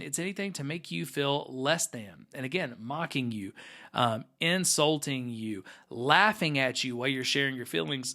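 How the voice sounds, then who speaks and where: Male host, bright, slightly high voice, earnest teaching tone, lots of fillers. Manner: earnest, explanatory, with frequent fillers. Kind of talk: teaching talk to camera.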